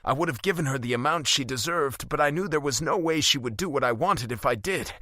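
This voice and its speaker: Male first-person narrator, dramatic and charged, bright tone. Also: medium pitch, lively intonation, brisk, few pauses, no echo, studio quality. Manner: dramatic, emotionally charged delivery. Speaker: audiobook narrator.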